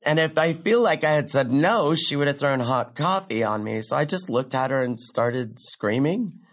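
This is a scripted drama where a sardonic young woman does stand-up, rambling through a crude story at an ordinary speed. Her brash, self-mocking voice swings high, then drops low for a deadpan aside, all in a wry mood.

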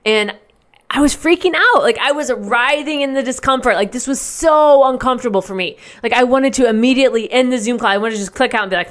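A woman's voice: fairly high pitch, brisk. A woman hosting a show, telling a personal story to her listeners in a candid, casual way with lots of fillers and the odd swear word.

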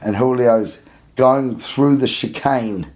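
Here a man with a mid-range voice speaks slowly, telling a funny story in a casual podcast chat. He's animated and keeps laughing, acting out the voices of the people involved.

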